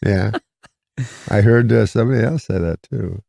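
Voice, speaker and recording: Gravelly deadpan storyteller, rambling. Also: male voice, on the low side, moderate pace, no echo, clean studio sound. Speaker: comedian guest. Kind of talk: casual anecdote on a podcast.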